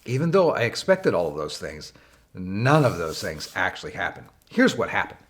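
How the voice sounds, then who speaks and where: A man with a somewhat low voice tells a long personal story to make a leadership point. He talks in an easy, conversational way with plenty of small fillers, and his pitch jumps up when he stresses a wry detail. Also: big pitch swings. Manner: conversational, unhurried, frequent "uh" fillers; rises in pitch for wry emphasis. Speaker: leadership teacher. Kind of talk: anecdotal storytelling lesson.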